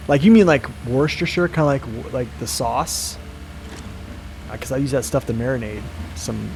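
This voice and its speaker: A man's voice: mid-range voice, darkish tone, slight background noise. A young American man chatting casually with his live chat as a streamer, rambling and answering questions. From United States.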